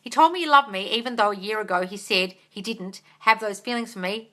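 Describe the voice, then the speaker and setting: A woman's voice: medium pitch, a little fast, few pauses, bright, forceful tone. A woman, hosting a live-stream Q&A as a manifestation coach. She reads out viewers' comments and answers them in a bubbly way, squealing and laughing often.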